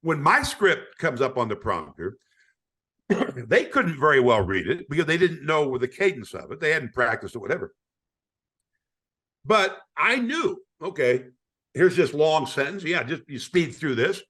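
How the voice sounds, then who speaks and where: A man's voice: a little high, sing-song, a little slow, sharp tone, breathy edge. An older man, a retired sportscaster, telling stories in a podcast interview, acting out quoted voices with frequent stammering restarts. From United States.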